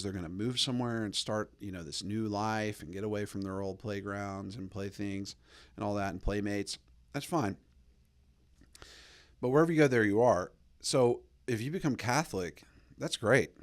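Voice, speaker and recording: A man in his thirties hosting a podcast, telling a casual story packed with fillers and jumping up in pitch when he acts out quoted lines. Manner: drawling fillers like "like" and "you know". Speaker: podcast host.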